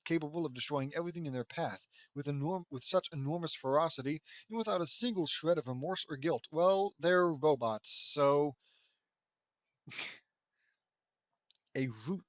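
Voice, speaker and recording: Man, slightly high voice, dry close sound; reads fan fiction with sarcastic asides and stumbles. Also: normal speed, no echo. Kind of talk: mocking dramatic reading with commentary.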